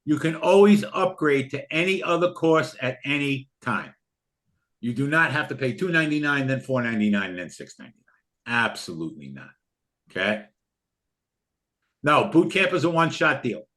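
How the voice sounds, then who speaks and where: Pushy, heartfelt older man pitching a course. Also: expressive, normal speed, a bit bright. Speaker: trading course host. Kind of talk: live online class sales pitch.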